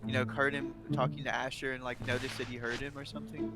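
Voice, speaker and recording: A man's voice: mid-range voice, level tone, fast, loud music behind the voice. A man playing a tabletop game, rambling and restarting his sentences. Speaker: player. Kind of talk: casual tabletop play.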